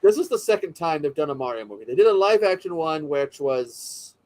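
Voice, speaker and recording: A man hosts a casual chat and rambles with enthusiasm, often restarting mid-sentence. His voice sits fairly high for a man. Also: animated, fairly quick, a little mellow, poor audio.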